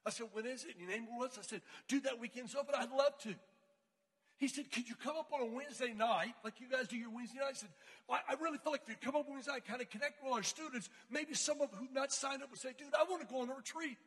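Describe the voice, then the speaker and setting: A man preaching to a crowd of students, telling slangy, animated stories from his youth. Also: very high voice, quick pace, husky, big-room sound. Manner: casual, slangy, animated storytelling. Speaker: youth speaker. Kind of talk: storytelling sermon.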